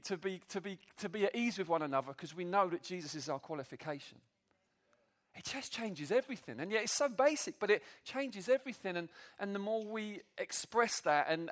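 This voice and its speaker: A high-voiced man preaches a sermon to a church meeting. He's animated and self-deprecating, often breaking into laughter.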